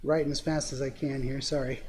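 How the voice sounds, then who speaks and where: A man's voice: mid-range voice, little pitch movement, fairly quick, a crowd in the background. A man hosting a podcast interview, asking probing follow-up questions with frequent restarts and stammers. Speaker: podcast host interviewing a dreamer. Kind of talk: casual interview.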